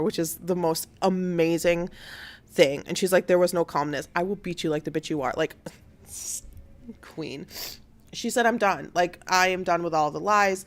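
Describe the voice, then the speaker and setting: Young woman telling a crazy story on her stream, super animated, swears a lot, lowish voice. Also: unhurried. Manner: animated, acts out quotes, swears freely. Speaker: news show host. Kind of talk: casual storytelling recap.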